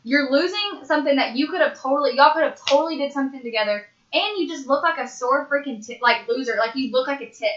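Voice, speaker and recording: Young woman, podcast guest, emphatic slangy chat, bright tone, roomy lo-fi sound. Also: sits high, quick pace, hardly any pauses. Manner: emphatic, swears freely, says "like" and "dude" a lot. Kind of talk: casual chat. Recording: echoey dull lo-fi room.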